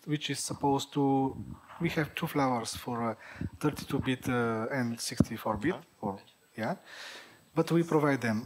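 A man answering audience questions at a tech conference, halting, with many fillers and restarts, a native Bulgarian speaker. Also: medium pitch, a little hiss or hum.

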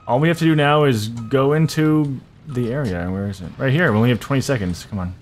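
A man giving casual, excitable gameplay commentary, swearing a lot and breaking into loud frustrated outbursts. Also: medium pitch, brisk, faint music behind. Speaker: gaming video creator.

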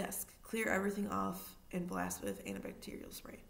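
A woman reading a children's novel aloud in steady narration, now and then adding a short aside to her listeners. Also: mid-range voice, normal speed, creaky. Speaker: reader.

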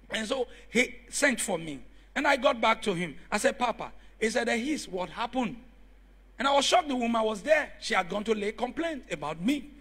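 A man preaching a sermon in church, telling stories and rising to shouts as he calls on the congregation. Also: sits high. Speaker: pastor.

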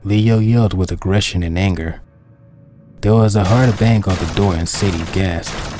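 A man reading his own dark pony fan story aloud as the narrator, in a steady, plain storytelling manner. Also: low voice, normal speed, over music.

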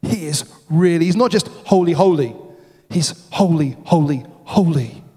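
A man preaching a sermon, stressing his points by repeating words, sometimes dropping to a hushed, solemn tone. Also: fairly high pitch, expressive, moderate pace. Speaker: pastor. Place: church hall. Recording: long hall reverb.

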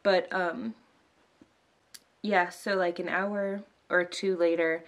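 Young woman, vlogger, teary, emotional, casual chat, filler words, slightly low voice. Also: flat delivery, slow pace. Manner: emotional, near tears, many "like" and "um" fillers. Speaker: vlogger, new mother.

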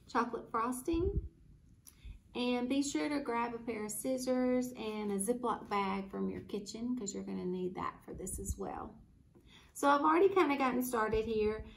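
A woman's voice: on the high side, creaky, a little hiss or hum. A woman hosting a children's library club, reading a story aloud and showing a simple craft in an upbeat, kid-friendly way.

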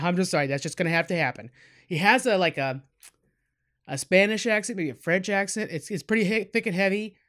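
A man's voice: high voice, fairly bright tone, clear, resonant tone. A man hosting a podcast, giving a casual, rambling film review full of fillers and asides to his listeners. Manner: rambling, chatty, many fillers, addresses listeners as guys.

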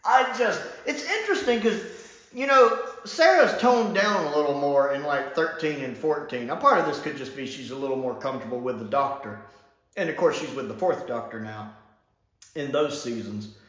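A man's voice: a little high, animated, normal speed, fairly bright tone. A man giving an enthusiastic, casual solo video review and laughing often. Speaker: TV show reviewer. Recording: very echoey room.

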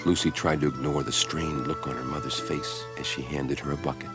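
A man reading a children's storybook aloud in an expressive, unhurried way. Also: very deep voice. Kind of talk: read-aloud storybook narration. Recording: background music.

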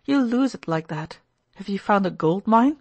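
An uneasy, reproachful young man who presses his friend with worried questions, as a woman narrator reads him. The voice sits a little higher than her narration, and the recording is close and dry. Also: lively intonation, moderate pace, no room sound.

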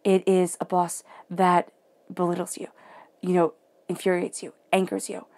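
A woman giving a guided tarot reading in a soft, emotional way, often dropping into near-whispers. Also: on the low side, completely flat delivery, a little slow. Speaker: tarot reader.

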